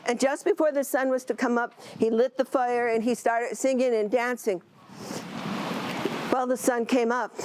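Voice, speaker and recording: Woman storyteller, animated and expressive, fairly high voice, faint live ambience behind. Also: moderate pace, slight background noise, low-quality recording. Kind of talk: oral storytelling to an audience.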